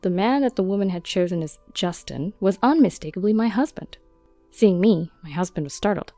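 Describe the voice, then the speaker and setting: A woman narrating a first-person story in a steady, matter-of-fact way. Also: mid-range voice, brisk, dry recording, soft background music.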